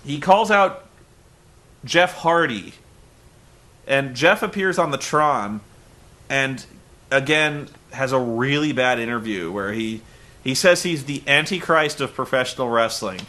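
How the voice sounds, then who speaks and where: A man's voice: mid-range voice, expressive, unhurried, sharp tone. A man reviewing a wrestling show in a sarcastic, exasperated comedic recap.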